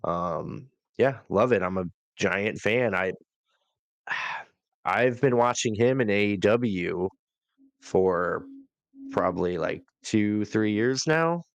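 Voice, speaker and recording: A man chatting about wrestling in an easygoing, halting way full of fillers. He speaks slowly in a lowish voice. The recording is dry and close. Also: no room sound. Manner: relaxed, hesitant, many fillers. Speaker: podcast co-host. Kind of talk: casual wrestling review chat.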